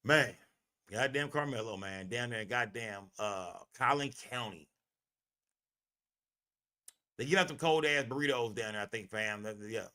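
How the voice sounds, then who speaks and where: A man's voice: medium pitch, normal speed, bright, forceful tone. Brash, emphatic man ranting on a livestream. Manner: profane, emphatic, repetitive. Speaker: livestream host. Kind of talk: heated livestream commentary.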